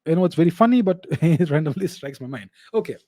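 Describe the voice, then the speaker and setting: Guy doing a solo q&a show, bit high pitched, mellow tone, very sure of himself, hammers his points home. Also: animated, fast talker, no room sound, clean studio sound. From India. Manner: assertive, emphatic, repeats points for stress. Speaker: host answering viewer questions. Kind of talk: casual solo Q&A commentary.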